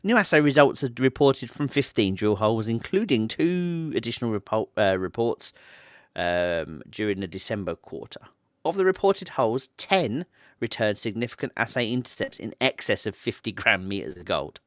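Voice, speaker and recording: A man's voice: lowish voice, sing-song, normal speed, no echo, clean studio sound. A man reading a mining report aloud in a casual, jokey way, breaking off to swear and joke.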